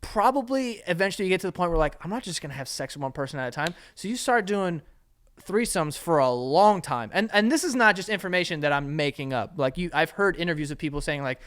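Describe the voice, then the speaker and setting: A man's voice: a little high, lively intonation, fast talker, a bit bright. A man co-hosting a podcast, chatting casually and animatedly, laughing often and swearing freely. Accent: New York. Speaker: podcast co-host. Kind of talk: casual chat.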